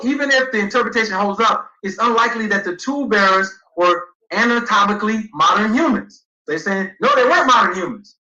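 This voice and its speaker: A man's voice: high voice, pushed and bright, echoey room, highs cut off. A man speaking emphatically on a livestream, arguing his points and reading passages aloud to back them up. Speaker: guest speaker. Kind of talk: livestream debate lecture.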